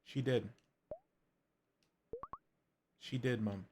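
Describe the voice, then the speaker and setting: A man voicing an earnest grown daughter talking gently with her mother in a video game, over game music. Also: mid-range voice, unhurried, a little hiss or hum, natural voice.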